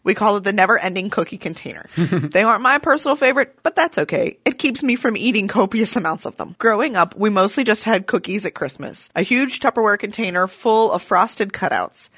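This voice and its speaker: A woman's voice: mid-range voice, expressive, fairly quick, fairly bright tone, breathy edge, no room sound. A young woman co-hosts a podcast with a playful, teasing tone and a ready giggle. Her mid-range voice sounds dry and close to the mic. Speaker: podcast co-host. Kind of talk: casual chat.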